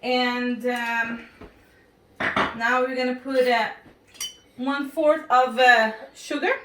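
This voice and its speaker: A woman with a non-native accent shows how to bake at home, speaking haltingly with many fillers and apologies. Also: on the high side, fairly even intonation, a bit bright, a little hiss or hum. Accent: non-native English. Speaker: home baking instructor. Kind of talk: casual cooking demonstration. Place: home kitchen. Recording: echoey kitchen, mic far off.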